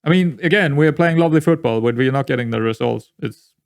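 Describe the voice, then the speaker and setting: A man with a fairly high voice talks through a management game as he plays it. He rambles and repeats himself in exasperation. The sound is close and dry, with no room around it. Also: fairly quick, gravelly, no echo. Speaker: gaming YouTuber. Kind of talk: let's-play commentary.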